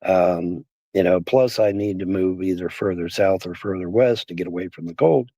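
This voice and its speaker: A man's voice: low voice, normal speed, dark tone, no room sound, dull audio. A man streaming casually, rambling and repeating himself with many fillers, his voice worn down by the cold. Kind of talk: casual livestream talk.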